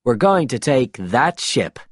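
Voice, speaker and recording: A man's voice: mid-range voice, sing-song, takes it slowly, slightly rough, no room sound, exaggerated voice. A man reading aloud voices a sly pirate captain who speaks in a dry, teasing way. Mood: cocky.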